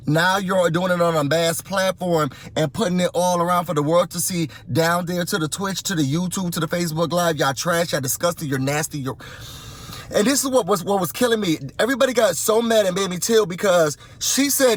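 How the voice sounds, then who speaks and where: A man's voice: sits high, fairly quick. A man from Rochester, New York, talking to his viewers from his car, impassioned and emphatic, repeating points for weight. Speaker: vlogger. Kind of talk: casual vlog rant to viewers. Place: in a car, driving.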